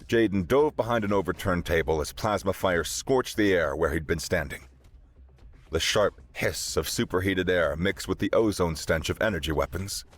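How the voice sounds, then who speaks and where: A man narrating a sci-fi story in a steady, dramatic way. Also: deep voice, moderate pace.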